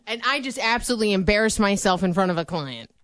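A young adult woman co-hosting a radio show, telling stories in a casual, animated way and laughing often. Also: medium pitch, quick pace, dry recording, studio quality. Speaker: radio co-host.

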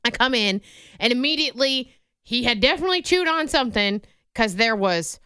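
A woman's voice: on the high side, lively intonation, fairly quick, sharp tone, clean tone, no room sound, studio quality. A woman co-hosting a radio show, telling a story in a chatty way and laughing often. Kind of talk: casual radio banter.

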